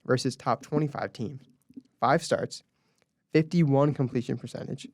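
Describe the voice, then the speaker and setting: A man's voice: medium pitch, measured pace, dry recording. Young man on college sports radio, dry studio. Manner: reads off stats, leads the segments. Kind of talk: casual sports talk.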